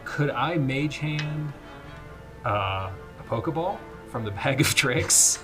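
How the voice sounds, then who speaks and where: A man's voice: mid-range voice, animated, takes it slowly, over music. A man playing a tabletop game, thinking aloud in a hesitant way. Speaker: player. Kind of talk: casual tabletop game chat.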